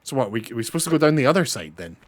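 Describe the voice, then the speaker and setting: A young man streams a game and chats through it, swearing and laughing as he goes. His voice sits at a middling pitch. The sound is dry and close, with no room echo. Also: very animated, rapid-fire. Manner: chatty, swearing, laughing often. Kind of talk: casual gaming commentary.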